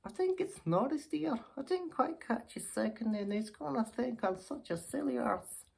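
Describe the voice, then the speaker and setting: A woman voicing a chatty, giddy Scottish woman puppet in her sixties, who speaks in a high, fluttery voice and calls everyone dear in a ventriloquist act. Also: animated, moderate pace, vocal fry, a little mellow, husky, heavily acted. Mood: giddy, excited. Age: 60s.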